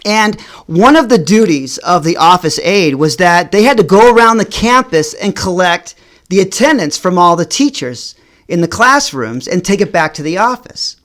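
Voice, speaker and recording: An animated middle-aged vlogger shares a personal story with his audience, speaking in halting stretches and repeating words as his voice rises and falls in pitch and loudness.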